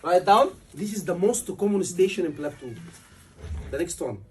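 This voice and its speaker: A man's voice: sits high, expressive, moderate pace, darkish tone, husky, far from the mic. A man, tutoring a class for a medical exam, emphatic and repeating key words over and over. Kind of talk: classroom lecture.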